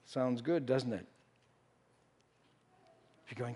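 A man's voice: on the high side, moderate pace. A man preaching a sermon, telling a story and acting out the disciples' voices. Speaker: pastor. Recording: reverberant hall.

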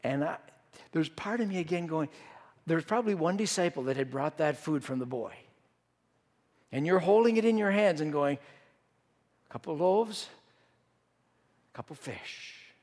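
A man's voice: fairly high pitch, lively intonation, moderate pace, pauses often, a little mellow. A man preaching a sermon, telling a story and acting out the disciples' voices. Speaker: pastor. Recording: reverberant hall.

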